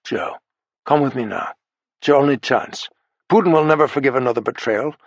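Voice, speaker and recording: Picture an earnest, grave hero, as a male narrator puts him on. He speaks with weight in a raspy, creaky voice, recorded dry and close. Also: medium pitch, fairly quick, dry recording, dull audio, lightly acted.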